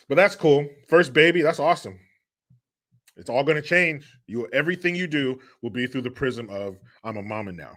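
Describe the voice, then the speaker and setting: A male livestream host with a bright, forceful voice. He reads viewer donations in a loose, chatty way and answers them with sarcastic jokes. He laughs often. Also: mid-range voice, animated, normal speed. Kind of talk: casual livestream chat.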